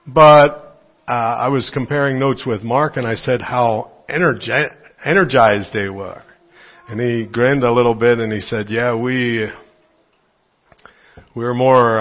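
A man giving a conversational sermon in church, rambling with fillers and restarts, lifting his voice when he quotes scripture. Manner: lively pitch swings when quoting scripture. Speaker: lay preacher.

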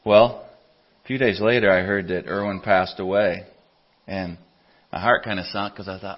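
A man preaching a sermon in a church, telling stories earnestly, his voice rising loud for scripture and dropping low and soft for personal stories. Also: normal speed, long pauses. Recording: dull lo-fi church audio recording.

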